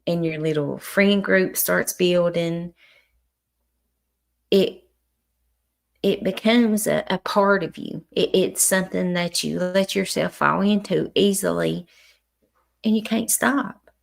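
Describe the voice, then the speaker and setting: A middle-aged woman talking slowly and unhurriedly to her livestream viewers. Her voice is heavily gravelly with vocal fry. She speaks frankly, cusses freely and stumbles over restarts. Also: mid-range voice. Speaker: livestream host. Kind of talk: casual livestream chat with viewers.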